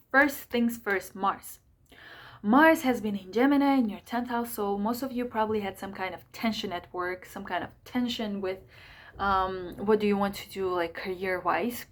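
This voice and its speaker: Woman astrologer with a voice, rushed and full of ums and restarts, mid-pitched. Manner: hurried, full of fillers and self-corrections. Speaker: astrologer giving monthly sign readings. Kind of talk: casual rushed talk to camera.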